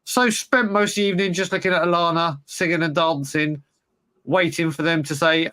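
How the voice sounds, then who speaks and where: A man's voice: on the high side, steady tone, a little fast, sharp tone. A man co-hosting a podcast, telling a rambling, wry story in casual chat. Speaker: podcast co-host.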